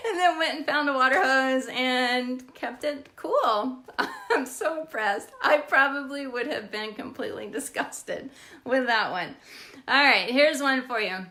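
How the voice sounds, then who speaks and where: A woman's voice: high-pitched, lively intonation, slow pace, sharp tone. A middle-aged woman, a real estate agent, casually telling funny stories from her job and laughing often. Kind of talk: casual storytelling to camera.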